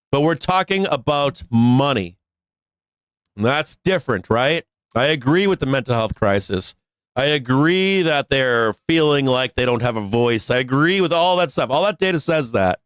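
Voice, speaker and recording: A man's voice: mid-range voice, animated, moderate pace, clear, resonant tone, no echo. A man hosting a live stock market show, ranting bluntly with swearing, laughs and restarts. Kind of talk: casual live-stream rant.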